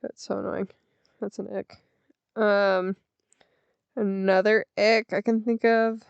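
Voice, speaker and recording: A woman's voice: mid-range voice, little pitch movement, takes it slowly, gravelly, smooth, no echo, muffled recording. A young woman hosting a casual solo podcast, chatting in a rambling, self-deprecating way with lots of fillers, close to the mic. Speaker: podcast host.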